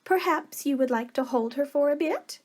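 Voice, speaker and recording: A woman's voice: high voice, normal speed, darkish tone, pitched above the performer's own voice, close to an everyday voice. A woman voicing a doting, affectionate older wife in a storybook, with a tender, cooing manner.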